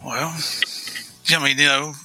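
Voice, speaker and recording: A man's voice: on the high side, steady tone, a little slow, pushed and bright, no room sound, soft background music. A man with a West Virginian accent co-hosting a podcast as a former agent, chatting casually and laughing easily.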